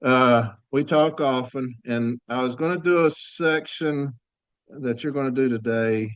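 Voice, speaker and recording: A man's voice: mid-range voice, a little slow, dry recording, lo-fi sound. A man hosting a podcast in a casual, chatty way, telling stories to his listeners and laughing easily. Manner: laid-back, laughing storyteller, addresses audience as y'all. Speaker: podcast host. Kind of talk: casual chat.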